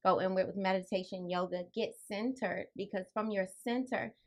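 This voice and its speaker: A woman with a soft, quiet voice, calmly explaining her ideas as an author guest on a radio talk show. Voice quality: soft, low-volume voice. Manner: calm, spiritual, unhurried explaining. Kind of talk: radio interview answers.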